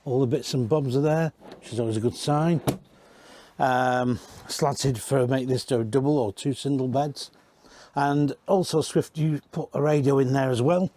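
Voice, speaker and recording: A man's voice: medium pitch, fairly even intonation, normal speed, dark tone, dry recording. Chatty man touring caravans. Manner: chatty, rambling, corrects himself mid-sentence. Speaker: caravan industry reviewer. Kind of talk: casual walk-around tour. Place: inside caravans at a dealership.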